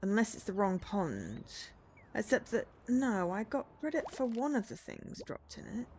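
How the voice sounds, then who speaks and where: Chatty woman streaming a game, lively pitch. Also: normal speed, a little hiss or hum. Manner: chatty, talks to herself while playing. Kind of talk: casual gameplay commentary.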